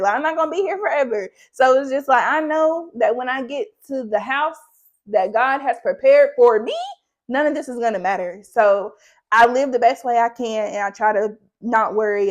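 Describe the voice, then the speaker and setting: A young woman chatting casually in a faith vlog, rambling, saying "like" often and laughing between thoughts. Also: mid-range voice. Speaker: faith vlogger.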